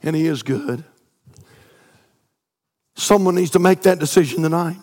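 Pastor, high voice, chanted sermon cadence, long church reverb. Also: male voice, a little slow. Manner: swings from loud chanted preaching to quiet storytelling.

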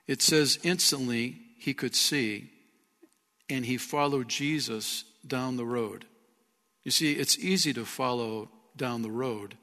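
A man preaching in a church sanctuary, his bright, forceful voice ringing out with a long hall reverb. He is an earnest pastor who talks straight to his listeners and asks them questions. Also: medium pitch. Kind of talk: sermon.

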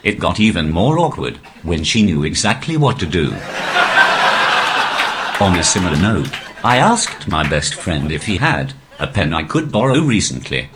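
A male stand-up comedian talking through a posh, robotic text-to-speech voice with a deadpan, even delivery. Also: low-pitched, normal speed, a crowd in the background, noisy background. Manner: deadpan, evenly paced delivery. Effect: synthetic text-to-speech voice. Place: live comedy venue.

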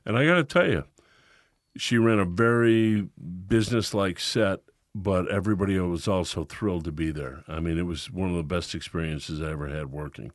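Man, podcast host, low voice, blunt and profane, dry studio mic. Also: no echo. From Chicago. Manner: blunt, profane, quick agreeing interjections. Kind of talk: casual podcast chat.

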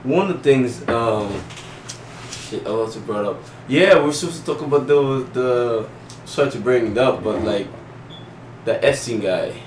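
A man co-hosting a casual chat, talking in a hesitant, halting way with many fillers. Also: mid-range voice. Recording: roomy echo, distant mic, faint noise.

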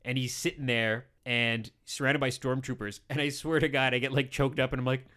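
A man's voice: mid-range voice, flat delivery, fairly quick, sharp tone. A man hosting a casual chat, talkative and enthusiastic, laughing often. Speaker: podcast host. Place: small old cinema.

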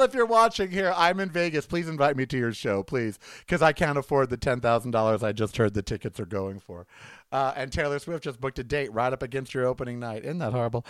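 A man's voice: mid-range voice, a little fast, fairly bright tone, smooth, no echo. A man hosting a comedic rant monologue, sarcastic and mocking as he riffs at length. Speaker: host.

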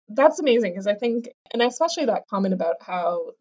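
A woman's voice: medium pitch, sing-song, normal speed, a little mellow, rough recording. A woman interviewer asking guests questions in an upbeat, chatty way. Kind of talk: interview hosting.

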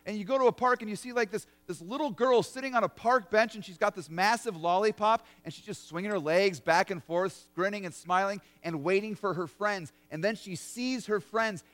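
High-voiced pastor preaching. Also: male voice, fairly bright tone. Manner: vivid storytelling, conversational. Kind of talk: sermon.

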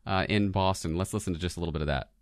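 Podcast co-host, male, relaxed chatter, somewhat low pitch. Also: rapid-fire, slight background noise. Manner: chatty, laughs easily, trailing restarts. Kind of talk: casual chat about commercials.

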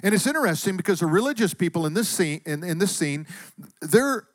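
A man's voice: high voice, expressive, a little fast, no echo, clean studio sound. A man preaching a sermon, reflective and asking searching questions of his listeners. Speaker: pastor.

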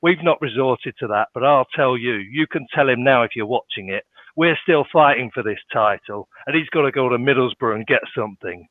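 A man's voice: medium pitch, a little fast, no echo, close to an everyday voice. A man doing an impression of an indignant middle-aged football manager in a northern English accent, emphatic and repeating his point. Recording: tinny dry phone-line sound.

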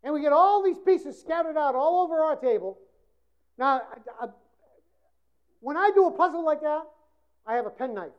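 A woman preaching a sermon with passion, swinging between loud emphasis and hushed passages. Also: high voice, expressive, normal speed, long pauses. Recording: dull lo-fi recording.

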